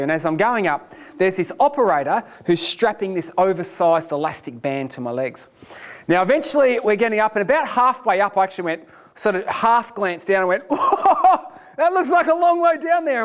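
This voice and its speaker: Animated, self-deprecating male lecturer. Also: high voice. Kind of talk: storytelling lecture.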